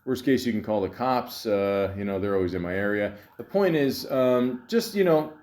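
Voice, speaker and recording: A man with a fairly low, darkish voice and lively intonation talks at normal speed, hosting a casual solo podcast from his city home with street sounds outside. He rambles sarcastically, full of fillers and restarts, while reading out scam texts and mocking them.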